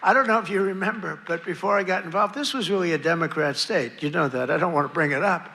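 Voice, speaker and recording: A man's voice: high-pitched, fast talker, sharp tone. A man giving a political rally speech as president, boastful, repetitive and rambling. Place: outdoor or arena rally with a crowd. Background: faint crowd noise.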